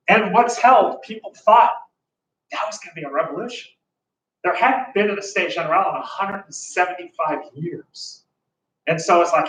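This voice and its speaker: His voice sits high, brisk and fairly bright as this man lectures a history class conversationally, occasionally voicing ordinary folks. The mic is distant and off to the side, in an echoey room with faint background noise.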